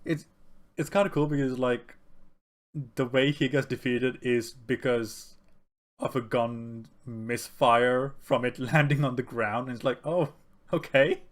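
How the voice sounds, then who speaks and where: A man co-hosting a casual film podcast, animated and quick to laugh, often acting out lines from the film. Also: medium pitch. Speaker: podcast co-host. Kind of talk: casual film discussion chat.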